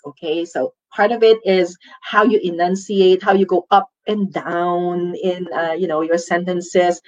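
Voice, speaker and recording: A woman's voice: on the low side, steady tone, normal speed, darkish tone, low-quality recording. A woman with a Filipino accent giving a lecture as a teacher, checking in often with "okay?" and "right?". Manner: ends points with tag questions like "okay?". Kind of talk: lecture on communication skills.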